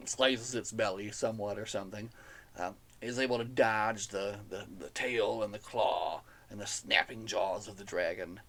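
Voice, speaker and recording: A man's voice: fairly low pitch, fairly bright tone. A man hosting a podcast, recapping a novel in a casual, enthusiastic way, chatty and laughing now and then at the silly plot. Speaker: podcast host reviewing a novel.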